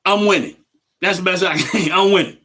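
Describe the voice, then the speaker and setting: A man's voice: sits high, a little fast, pushed and bright. A middle-aged man, hosting a casual livestream and talking emphatically straight to his viewers. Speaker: livestream host.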